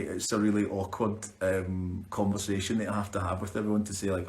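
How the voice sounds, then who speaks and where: Answering viewers' questions on a live stream, a young Scottish man who acts talks in a chatty, upbeat way, often restarting words. He has a deep, level voice and speaks a little fast, in a room with an echo.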